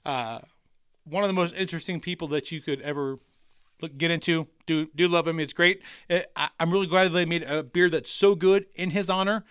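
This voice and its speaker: A man co-hosting a podcast, crude and excitable in his banter. His voice is high and bright, smooth and clear. The recording is dry and close. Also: brisk, no room sound. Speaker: podcast co-host.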